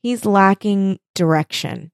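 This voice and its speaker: A woman's voice: medium pitch, slow pace, clear, resonant tone, no room sound, studio quality. A woman co-hosting a podcast, recapping a TV episode in casual chat, full of ums and likes and casual swearing. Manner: chatty, lots of fillers like um and like, swears casually. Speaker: podcast co-host.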